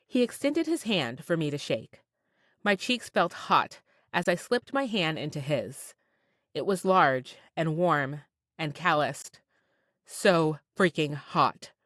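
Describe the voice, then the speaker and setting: Expressive woman narrating a romance audiobook. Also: sits low, a little slow, no room sound. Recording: dry close studio sound.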